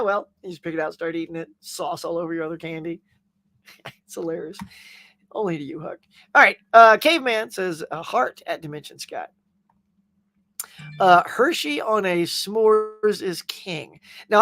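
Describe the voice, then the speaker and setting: A man's voice: high voice, a bit bright, dry recording. A man hosting a casual pop culture show, chatting and rambling through viewer comments with frequent laughs. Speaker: podcast host reading viewer comments. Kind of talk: casual chat.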